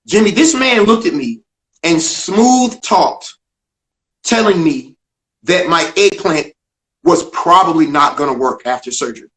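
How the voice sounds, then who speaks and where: With an expressive, slightly slow and somewhat bright voice, an older man who does stand-up tells an emphatic story as a guest in a video interview. He acts out the dialogue with big pitch swings, and the room echoes.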